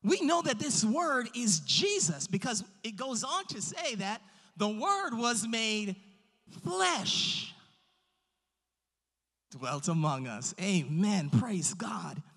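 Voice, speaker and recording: Slow, animated church preacher, bright, long reverberant hall sound. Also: medium pitch. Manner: emphatic, drawn-out stresses on key words. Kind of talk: sermon. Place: church sanctuary.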